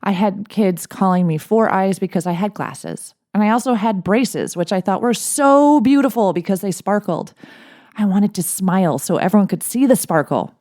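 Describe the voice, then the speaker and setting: Mellow-voiced woman life coach. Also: mid-range voice, moderate pace. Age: 40s. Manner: gentle, encouraging, with light laughs. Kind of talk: scripted podcast monologue.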